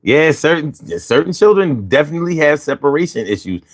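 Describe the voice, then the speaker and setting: A man hosting a casual chat, relaxed and hesitant, reading listener comments. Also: a little high, a little fast, dry recording, studio quality. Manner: relaxed, hesitant, many fillers. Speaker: podcast host.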